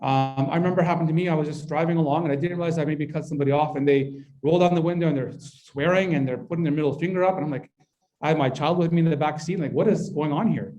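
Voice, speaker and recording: Male workshop presenter, warm mellow tone, conversational and interactive with a live audience. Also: fairly high pitch, fast, lo-fi sound. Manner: conversational, keeps asking the audience "right?". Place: mosque hall, indoors.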